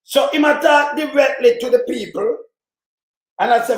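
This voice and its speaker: A Jamaican man hosting a heated live stream, cursing and often shouting. His voice sits very high, and the room rings with echo around him. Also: normal speed, noisy background. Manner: profane, ranting, shouts often. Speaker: livestream host.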